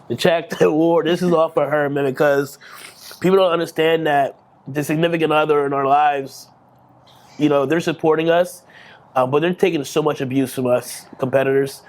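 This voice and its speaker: A somewhat higher-voiced man in his thirties speaks in a candid, heartfelt interview. He talks earnestly and emotionally, drops casual swear words, and often stops and restarts his sentences. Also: fairly even intonation, normal speed. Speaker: bodybuilding champion interviewee. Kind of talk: candid post-victory interview.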